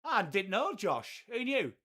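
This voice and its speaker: A man's voice: sits high, sing-song, a little slow, bright, forceful tone. A man hosting a live cricket watchalong, chatting crudely with his chat and trading banter. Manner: crude, banter-heavy, reads chat aloud. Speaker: live stream host. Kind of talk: casual cricket watchalong commentary.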